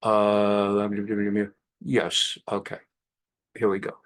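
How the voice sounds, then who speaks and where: A man in his sixties, a rabbi hosting a weekly program, telling anecdotes in a chatty, animated way with frequent restarts. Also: lowish voice, unhurried. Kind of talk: anecdotal monologue.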